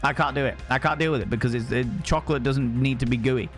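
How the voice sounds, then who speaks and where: A man's voice: mid-range voice, quick pace, soft background music. A young man streaming and chatting casually, rambling from topic to topic, swearing freely and greeting viewers by name. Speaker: streamer reading chat. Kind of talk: casual chat.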